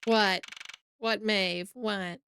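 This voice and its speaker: A woman's voice: medium pitch, fairly even intonation, extremely slow, bright, forceful tone, slight background noise. Giggly teasing woman streamer. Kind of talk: casual stream chat.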